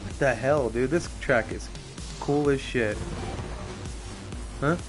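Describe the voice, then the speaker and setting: A young man giving casual, profane live commentary on a racing game, excitable and often laughing. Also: medium pitch, takes it slowly, music in the background. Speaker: streamer.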